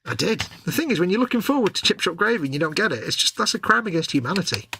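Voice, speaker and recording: Bright-voiced man, chatty. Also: high voice, sing-song, rapid-fire, gravelly, slight background noise. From England. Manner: chatty, storytelling, wry exaggeration. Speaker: co-host of a live craft stream. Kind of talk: casual chat while working. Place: home workshop.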